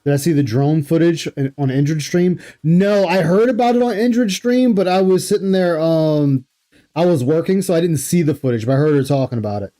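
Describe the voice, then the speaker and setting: A man hosts a livestream, reacting to an interview and greeting his chat in casual, rambling commentary. He sounds incredulous and laughs often, and his voice is fairly high, fairly quick, and dark in tone.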